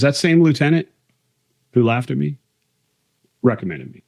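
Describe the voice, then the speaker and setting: A man's voice: medium pitch, sing-song, normal speed, creaky, a little mellow. A man, a military aviator and author, telling candid stories from his career in a casual interview. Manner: candid, conversational, retells quotes with emphasis.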